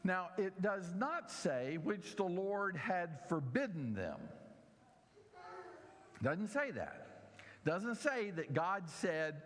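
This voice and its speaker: A man teaching a church Bible lesson, slow and emphatic, drawing out key words and asking the audience questions. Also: high-pitched, big pitch swings, a bit bright. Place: church hall. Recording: long hall reverb.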